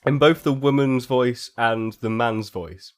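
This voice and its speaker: A man's voice: mid-range voice, unhurried. A man co-hosting a comedy podcast, teasing and setting up a bit with hesitant fillers. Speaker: podcast co-host. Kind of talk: casual banter.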